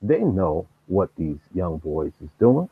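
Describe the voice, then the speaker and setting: A man's voice: low-pitched, sing-song, slow, slightly rough, dry recording. A man hosting a live stream, telling street stories casually in slang and acting out the people he quotes. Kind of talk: casual storytelling. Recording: tinny phone-like dry sound.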